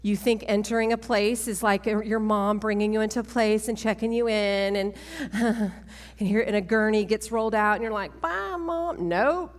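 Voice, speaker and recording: A woman, giving a testimony talk at a women's church event, animated and self-mocking, laughing often. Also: medium pitch, normal speed. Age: 40s. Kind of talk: sermon-style testimony talk. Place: large church hall. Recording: long church hall reverb.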